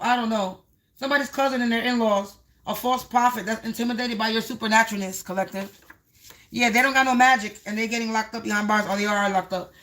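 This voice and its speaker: A woman's voice: fairly high pitch, fairly bright tone. A woman giving a livestream tarot reading, speaking in repetitive, half-rhyming phrases and addressing viewers as the collective. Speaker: tarot card reader.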